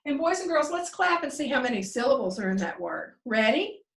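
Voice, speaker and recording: A woman teacher walks young children through a phonics lesson, drawing out each sound and lifting her voice brightly on the answers. Her voice is high and very lively. She sits a little away from the mic in a roomy, echoing space. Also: distant mic. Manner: slow, drawn-out sounding out of words; sing-song, encouraging teacher talk. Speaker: second grade teacher.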